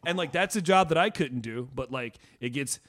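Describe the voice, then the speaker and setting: Male podcast host, slightly high voice, rambling profane banter. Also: expressive, moderate pace, fairly bright tone. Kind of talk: casual podcast chat.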